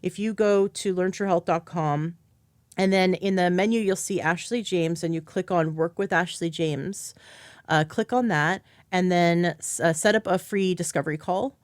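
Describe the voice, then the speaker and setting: A woman's voice: lowish voice, moderate pace, no room sound, studio quality. A woman hosting a podcast as a health coach, talking in an enthusiastic, chatty way. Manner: enthusiastic, chatty, acts out quoted speech. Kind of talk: casual interview chat.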